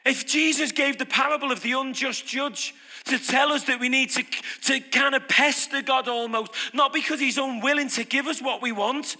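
A man's voice: very high-pitched, bright, forceful tone. A man preaching an off-the-cuff sermon, emphatic and repeating phrases for punch. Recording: long hall reverb.

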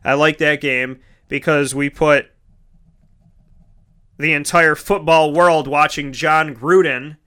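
Bright, crisp-voiced male sports talker. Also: on the high side, steady tone, slow, pauses often. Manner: chatty, rambling, corrects himself mid-sentence; addresses listeners as folks. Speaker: sports show host. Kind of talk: casual solo sports talk.

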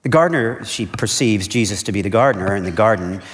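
Talking fast in a fairly low voice, a pastor delivers a sermon that is earnest and conversational. He keeps repeating his main points and asks "okay?" to check in, all captured with the long reverb of a big hall.

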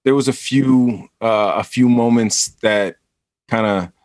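A man from the New York area telling a story as a podcast guest, in halting casual chat with many pauses and restarts. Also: medium pitch, a little mellow, dry recording. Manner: halting, full of ums and restarts.

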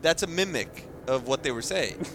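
A man co-hosting a podcast in casual comedic chat, lively and giggly, often asking questions. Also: medium pitch, moderate pace, slight background noise. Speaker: podcast co-host.

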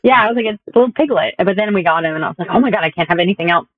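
A woman's voice: lowish voice, racing, no room sound. Woman, podcast guest, talkative with restarts, phone-like dry audio. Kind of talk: casual chat. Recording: tinny phone-like call audio.

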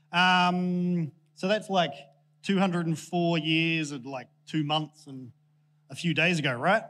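A man's voice: a little high, a bit bright. A man giving a casual, joking sermon to a church congregation, chatty and self-deprecating with plenty of ums. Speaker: preacher.

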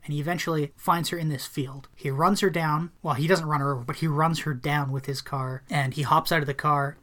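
A man's voice: a little high, a bit bright. A man co-hosting a podcast, casually recapping a film's plot, laughing often and briefly acting out quoted lines. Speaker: podcast co-host. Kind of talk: casual movie recap chat.

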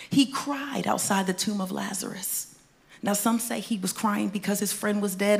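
A woman preaching to a congregation in a mid-pitched voice. She talks to them in a casual, folksy way, then rises into loud, emphatic bursts and drops to near whispers for the tender points. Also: vocal fry. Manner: conversational, folksy asides to the congregation. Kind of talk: sermon. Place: church stage before a congregation.

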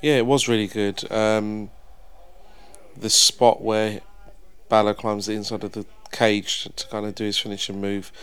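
A man's voice: lowish voice, flat delivery, a little slow, fairly bright tone, smooth. A man co-hosting a wrestling review podcast, speaking earnestly with short blunt verdicts. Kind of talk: casual review chat.

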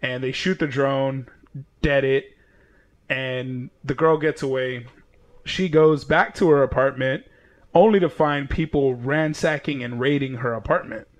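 A man's voice: mid-range voice, a little slow, muffled recording. A man co-hosting a casual comic book chat, retelling the plot with acted-out quotes and plenty of swearing. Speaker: comic book podcast co-host. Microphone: headphones and mic setup.

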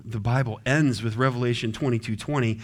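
Conversational pastor preaching. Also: male voice, mid-range voice, steady tone, brisk. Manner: conversational, acts out quotes and small scenes. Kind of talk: sermon.

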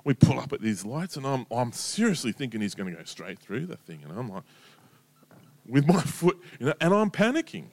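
A man's voice: medium pitch, a little fast. Chatty man preaching. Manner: conversational storytelling, lively, chatty asides. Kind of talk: casual sermon.

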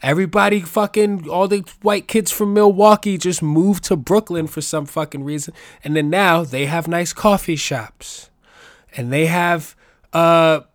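A man from the Bronx with a New York accent, hosting a casual solo podcast in a rambling, profane, animated way. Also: a little high, unhurried, dry recording, studio quality. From the Bronx, New York City. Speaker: podcast host.

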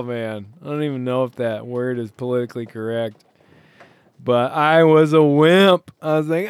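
A man's voice: medium pitch, moderate pace, smooth, no echo, studio quality. A man talking casually while alone on a sailboat offshore, rambling and joking at his own expense. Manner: rambling, self-mocking, laughs often. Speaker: solo sailor podcaster. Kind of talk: casual talk.

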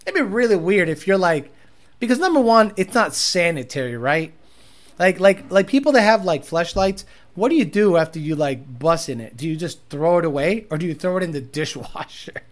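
A man's voice: sits high, animated, normal speed. Man streamer, casual chat, crude and rambling, stalls on repeated words. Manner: crude, rambling, laughs often.

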